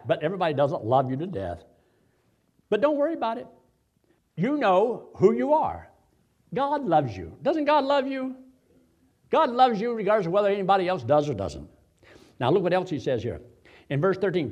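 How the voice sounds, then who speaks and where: Man, pastor preaching a sermon, high voice, very lively pitch, dramatic swings in loudness. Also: moderate pace, pauses often.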